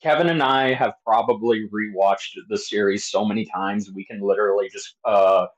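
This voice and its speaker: A man co-hosting a podcast, chatting in a relaxed way with lots of fillers. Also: on the low side, moderate pace, lo-fi sound. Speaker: podcast co-host. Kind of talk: casual chat.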